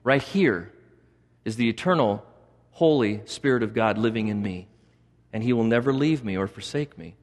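A man's voice: mid-range voice, a bit bright. A male pastor preaching a sermon, repeating points for emphasis and adding chatty asides. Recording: long reverb of a large hall.

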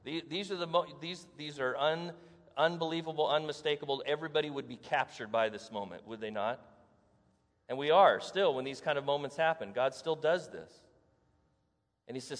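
A man's voice: a little high, fairly quick. A male preacher giving a sermon, telling the story dramatically, acting out the scenes and asking the congregation rhetorical questions. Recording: echoey hall.

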